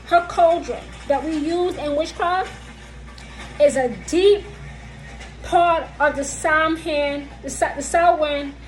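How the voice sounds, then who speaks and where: A woman's voice: high voice, fairly even intonation, poor audio. A woman vlogger teaching witchcraft lore in a casual, emphatic way, repeating her points to viewers. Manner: repetitive, slow and emphatic, talks directly to viewers.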